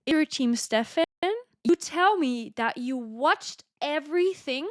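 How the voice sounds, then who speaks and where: A young woman co-hosting a podcast in casual chat, eager and quick to react. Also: high-pitched, lively intonation, dry recording, clean studio sound. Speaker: podcast co-host.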